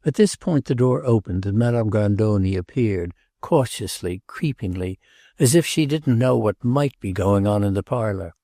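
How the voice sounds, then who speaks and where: A man narrating a classic novel in a measured, literary audiobook style. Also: on the low side, lively intonation, dark tone, no echo, clean studio sound.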